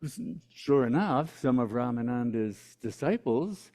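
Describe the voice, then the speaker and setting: A man's voice: medium pitch, lively intonation, measured pace, mellow. A man giving a spiritual teaching talk, telling a story and checking in with his listeners by asking "hmm?".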